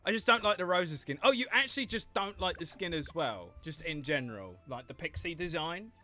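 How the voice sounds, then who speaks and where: Streamer, chatty and giggly, bright voice swinging all over, faint music behind. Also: mid-range voice, fairly quick. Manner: chatty, animated, laughs often. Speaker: gaming livestreamer. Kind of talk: casual livestream commentary.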